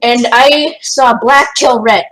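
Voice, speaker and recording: A woman on a voice call during an online game, slowly and emphatically reporting what she saw. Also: on the high side, fairly bright tone, recorded from a distance, a little hiss or hum, poor audio. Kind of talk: casual gaming chat.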